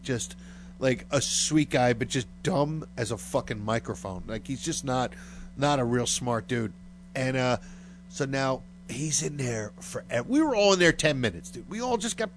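A man's voice: medium pitch, slight background noise. A man telling a long, crude story in casual chat, full of fillers and swearing. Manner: rambling and profane, heavy on fillers.

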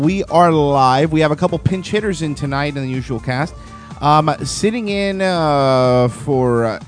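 Man, podcast host, casual banter, fairly high voice, very lively pitch, faint music behind. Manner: laughs often, animated and incredulous.

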